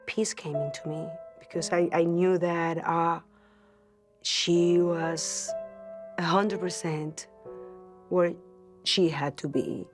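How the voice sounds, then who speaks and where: Woman, lowish voice, earnest personal storyteller, halting and repetitive, music score underneath. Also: steady tone. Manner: earnest, searching for words, repeats phrases. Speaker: celebrity guest telling a ghost story. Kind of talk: emotional personal storytelling to camera.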